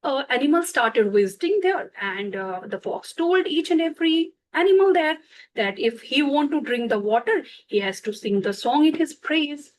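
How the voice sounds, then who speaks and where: A woman narrating a bedtime story slowly, pausing to explain words for children, with fillers and self-corrections. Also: high-pitched, lively intonation, low-quality recording.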